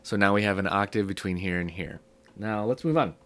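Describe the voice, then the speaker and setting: A young man with a sick, hoarse voice, casually teaching a music theory lesson step by step. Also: lowish voice, a little fast. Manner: relaxed, explaining step by step with fillers.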